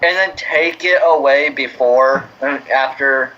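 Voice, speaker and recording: Sidekick co-host: quick joking asides and a mid-range voice, with a lo-fi sound. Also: medium pitch, fairly bright tone. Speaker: podcast co-host. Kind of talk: casual gaming chat. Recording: dull lo-fi audio.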